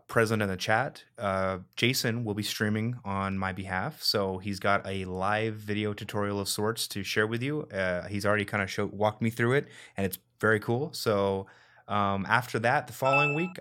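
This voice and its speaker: A man hosting a live stream, relaxed and laughing easily, with many fillers. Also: on the low side. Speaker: host. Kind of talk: casual live-stream chat.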